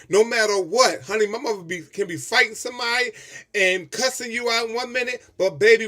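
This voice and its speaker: A man with a notably high voice speaks in a heartfelt, expressive way, as if straight to his viewers. He is tearing up as he talks through his personal tribute video. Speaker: vlogger.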